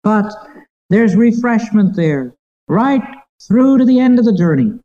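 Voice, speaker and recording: A preacher delivers a sermon with earnest tenderness, leaning on key phrases slowly and deliberately. The voice sits at a middling pitch, and the recording sounds somewhat dull and muffled. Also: big pitch swings, warm tone.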